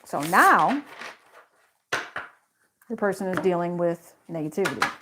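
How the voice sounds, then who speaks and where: A woman's voice: lowish voice, very animated, measured pace, noisy background. A woman giving a casual tarot reading straight to her viewers in a chatty, slangy way. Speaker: tarot reader.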